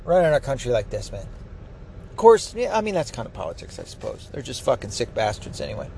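A man's voice: medium pitch, huge pitch swings, quick pace, gravelly, background noise. A man ranting angrily about politics, swearing constantly. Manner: angry, profane, ranting. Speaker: political commentator. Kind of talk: profane political rant.

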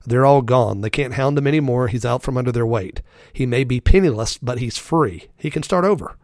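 A man hosting a scripted finance podcast, his voice raspy from a respiratory illness, speaking directly and emphatically to his listeners. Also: medium pitch, animated, fairly quick, darkish tone, no echo, clean studio sound. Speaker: podcast host.

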